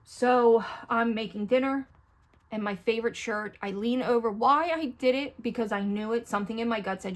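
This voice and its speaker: A woman's voice: on the high side, moderate pace. A middle-aged woman chatting candidly to her viewers at home while she does her makeup, rambling and talking to them directly, close to the camera. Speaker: beauty vlogger. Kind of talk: casual get-ready-with-me chat.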